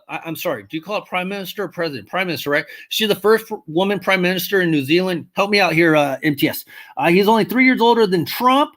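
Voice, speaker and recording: A livestream host casually answering viewers' comments, blunt and swearing, rambling and correcting themself as they think aloud, rising sharply in pitch when worked up. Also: fairly bright tone.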